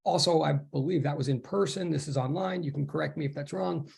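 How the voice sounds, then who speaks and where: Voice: medium pitch, fairly quick, vocal fry, darkish tone. A physics instructor on a video call gives a casual, rambling introduction to the class, with many restarts.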